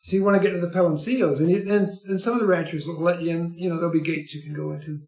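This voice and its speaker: Older male guest, wry rambling storyteller, slightly high voice, echoey room. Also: steady tone, racing, a little mellow. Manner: rambling, wry, chuckling asides. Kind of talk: casual interview chat. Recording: echoey room, faint music.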